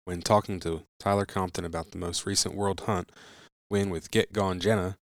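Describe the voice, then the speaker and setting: Deep-voiced male podcast host. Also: fairly even intonation, moderate pace, no room sound, studio quality. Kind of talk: podcast introductions.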